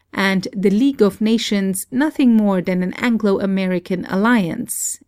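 A woman's voice: medium pitch, a little mellow, no room sound. Woman reading a memoir aloud, dry sound. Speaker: audiobook reader. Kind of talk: scripted narration.

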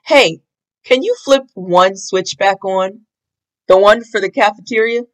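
A woman voicing a jittery, cowardly, always-hungry young man in a storybook read-aloud, with an excitable, yelping delivery. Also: mid-range voice, a little slow, lightly acted.

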